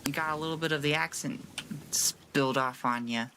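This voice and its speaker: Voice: medium pitch, normal speed, background noise. A streamer from rural Washington with a Seattle accent, chatting casually while playing a game and answering chat. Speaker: gaming streamer.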